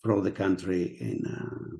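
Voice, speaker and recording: A middle-aged man interviews a guest over a video call. His voice is fairly low and gravelly, with a touch of fry. He speaks haltingly, circling back with plenty of fillers. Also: expressive, mellow. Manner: halting, many fillers and restarts. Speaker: interviewer and channel host.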